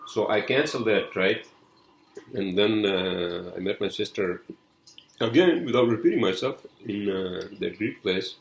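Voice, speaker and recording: A man with a non-native accent hosts a loose solo podcast, wandering through everyday stories. He swears freely and leans on "you know" in nearly every sentence. His voice sits very low, and the recording has a noticeable roomy echo. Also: lively intonation, measured pace, vocal fry, a little hiss or hum. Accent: non-native accent, unnamed. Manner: rambling, swears a lot, constant "you know". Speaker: podcast host. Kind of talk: casual solo podcast chat.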